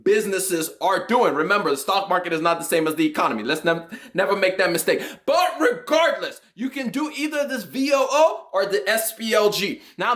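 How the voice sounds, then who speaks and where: A young man casually explaining investing basics in an animated, joking way, sometimes shouting with excitement. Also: sits high. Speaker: finance YouTuber.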